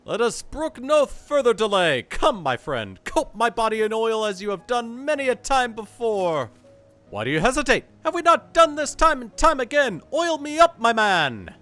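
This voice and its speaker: A pompous, theatrical gentleman inspector from a game, voiced by a man. He declaims every line with over-the-top grandeur, his pitch swinging widely and sitting high. Faint game music plays underneath. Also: big pitch swings, normal speed, exaggerated voice. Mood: grandiose. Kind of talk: fan voice-over of game dialogue.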